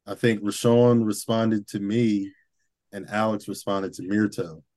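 A man with a low voice answers in an easygoing, plain-spoken way during a casual interview. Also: steady tone, measured pace, darkish tone. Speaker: band member, guest.

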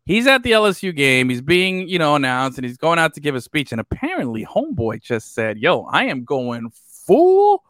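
A male podcast host chatting about sports in an animated, joking way, often trailing off into fillers. His voice is bright and high, with a lot of swing in pitch. The sound is dry and close. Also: brisk, few pauses, no room sound. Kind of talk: casual sports chat.

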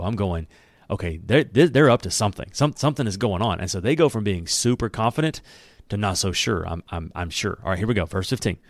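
A man giving a casual Bible teaching. He tells the story in a lively way, reads the verses aloud, and acts out the characters' lines with a laugh. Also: fairly low pitch, no room sound. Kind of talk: conversational Bible teaching with scripture reading.

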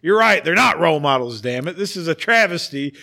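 A man hosting a casual sports podcast, ranting with animated, theatrical emphasis. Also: on the high side, fairly quick, gravelly. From West Virginia. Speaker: podcast host.

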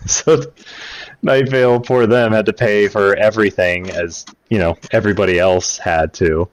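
Male podcast co-host, very low voice, dry storytelling recap. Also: steady tone, unhurried. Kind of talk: casual podcast chat.

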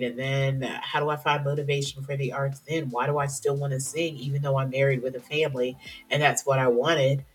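A woman's voice: rumbling low, husky. A woman hosting her own podcast, talking candidly and emotionally about her career, chatty and prone to interrupting herself. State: teary at times. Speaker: podcast host. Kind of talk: personal podcast monologue.

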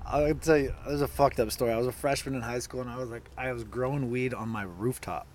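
A man co-hosting a podcast, telling an animated story in casual chat with lots of swearing. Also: medium pitch, fast talker, slight background noise. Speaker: podcast co-host.

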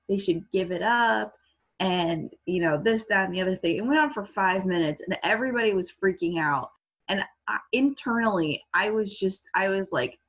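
Husky teenage girl telling a story. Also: lowish voice. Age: teens. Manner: animated, laughing storyteller. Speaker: guest. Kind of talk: casual storytelling. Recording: muffled lo-fi audio.

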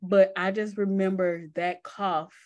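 A woman's voice: mid-range voice, little pitch movement, measured pace, darkish tone. A woman with a Southern US accent co-hosting a podcast, reminiscing in easygoing casual chat with frequent laughs. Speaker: podcast co-host.

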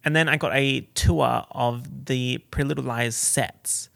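A young Australian man telling a story to camera in a chatty, gossipy vlog style, full of fillers and sudden excited outbursts. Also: measured pace, creaky, no echo. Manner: animated, gossipy, lots of fillers and sudden high exclamations. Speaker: YouTuber.

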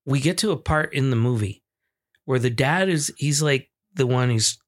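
A young man on a podcast, telling a story with loose energy and plenty of swearing. He acts out the people in it as he goes. His voice sits at an ordinary middle pitch. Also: moderate pace. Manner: animated, swearing, acts out screams and quotes. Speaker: podcast co-host. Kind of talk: casual storytelling chat.

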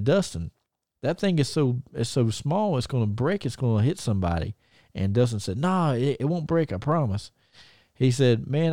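A man's voice: mid-range voice, warm tone, no echo, clean studio sound. A man with a Southern country accent, co-hosting a podcast and telling rambling stories with frequent laughs. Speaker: podcast co-host. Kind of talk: casual chat, storytelling.

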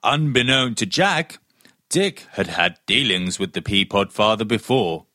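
Man, audio-play narrator, slow, low, bright tone, dry theatrical delivery. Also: animated, dry recording. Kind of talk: storybook narration.

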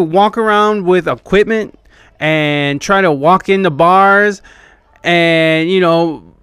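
A young man with a slightly high, smooth, clear voice tells a rambling, foul-mouthed story in a casual podcast monologue. He mocks himself as he goes, and the sound is close and dry, with no room around it. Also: takes it slowly, a bit bright, no echo. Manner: rambling, profane, self-deprecating. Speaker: podcast host and band keyboardist.

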